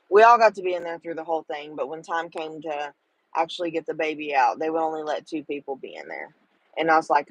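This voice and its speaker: A woman's voice: deep voice, brisk, no room sound, rough recording. A middle-aged woman, talking to viewers in a casual livestream chat, tender and emotional. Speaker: livestream host.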